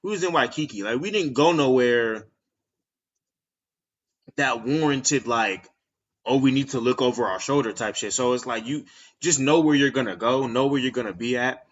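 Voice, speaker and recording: A man from Texas hosting a podcast, telling stories in a slangy, animated casual monologue. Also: medium pitch, moderate pace, dull audio. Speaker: podcast host.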